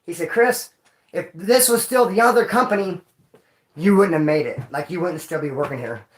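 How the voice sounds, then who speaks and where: A man from Bakersfield, California telling rowdy stories in casual street slang to his viewers, cursing and sometimes yelling. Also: sits high, moderate pace. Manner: profane, animated street slang, bursts of yelling. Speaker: vlogger. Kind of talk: casual storytelling to a live chat. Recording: echoey room.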